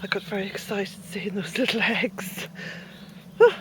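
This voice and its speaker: A woman's voice: medium pitch, fairly even intonation, moderate pace. A middle-aged Irish woman from Ireland, chatting casually as she walks her garden, a bit out of breath and calling out to her dog now and then. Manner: chatty, calls loudly to her dog between quiet asides. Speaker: smallholder vlogger. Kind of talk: casual walk-and-talk garden tour. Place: outdoor rural garden. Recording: noisy outdoor camera audio.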